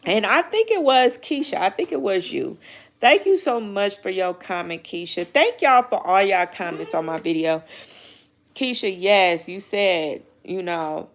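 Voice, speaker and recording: A woman's voice: mid-range voice, expressive, measured pace. A young woman vlogging casually, telling a personal story in a rambling, emotional way, close to tears. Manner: emotional, rambling, frequent "you know what I mean", swears. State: near tears.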